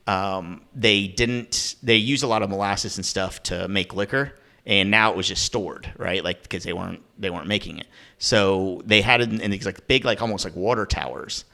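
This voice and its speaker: A man hosts a podcast in a somewhat low, slightly bright voice. He chats casually, rambling on with many fillers and self-deprecating remarks.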